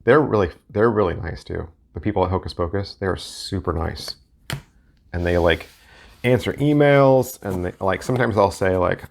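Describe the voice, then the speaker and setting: A man's voice: low-pitched, normal speed, gravelly, slight background noise. A man talking casually while looking through his playing card collection, thinking aloud and rambling as he goes. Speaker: deck collector and reviewer.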